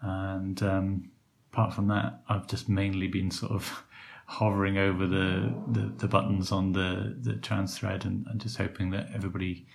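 A man hosting a podcast in relaxed, rambling casual chat with plenty of fillers. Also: low voice, moderate pace, vocal fry, hardly any pauses, slight background noise. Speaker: podcast host.

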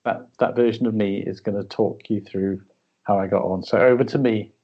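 A man chats as a podcast co-host, easygoing and jokey, with plenty of ums and restarts. His voice sits a little low. The recording sounds dull and lo-fi. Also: steady tone, moderate pace, breathy edge. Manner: chatty, jokey, with fillers. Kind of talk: casual chat.

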